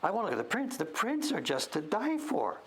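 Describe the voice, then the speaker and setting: A man hosting a casual show-and-tell, thinking aloud as he sounds out names, sometimes dropping to a whisper and breaking into excited praise. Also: high voice, brisk, breathy edge. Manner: drops to whispers now and then. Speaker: host.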